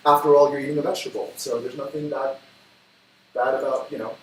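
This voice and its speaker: A man hosting a cooking livestream, talking in a chatty, upbeat way with quick asides while he cooks. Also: medium pitch, fairly even intonation. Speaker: cooking show host. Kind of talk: casual cooking livestream chat. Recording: echoey room from far off, faint noise.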